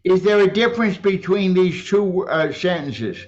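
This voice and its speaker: A man's voice: sits high, expressive, moderate pace, muffled recording. A man in a volunteer training asking questions and repeating phrases to compare how they are stressed. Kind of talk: question from the audience.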